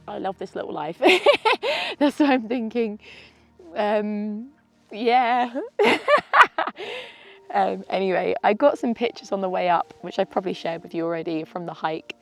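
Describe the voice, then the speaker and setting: A woman's voice: lowish voice, gravelly, a little mellow. A woman in her thirties talking to camera outdoors on a mountaintop, tearful and sniffly, sighing and laughing between sentences. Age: 30s. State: teary with a snotty nose. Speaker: vlogger. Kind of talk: emotional casual vlog to camera.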